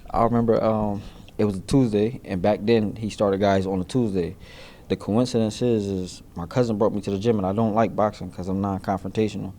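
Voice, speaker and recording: Halting man in his thirties, low and mellow. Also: steady tone, slight background noise. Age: 30s. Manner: halting, searching for words with many fillers. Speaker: interviewee in a news feature. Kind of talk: reflective interview answers.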